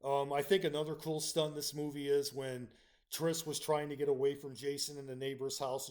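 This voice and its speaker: A man's voice: medium pitch, darkish tone. A man hosting his own channel, giving a casual spoken film review with frequent ums and restarts. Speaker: channel host reviewing films.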